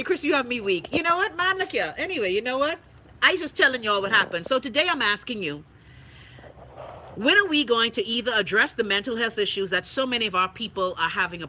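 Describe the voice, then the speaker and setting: A Bahamian woman hosting a livestream, chatting casually and reading viewer comments in a blunt, profane, animated way. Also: medium pitch, low-quality recording. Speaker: livestream host.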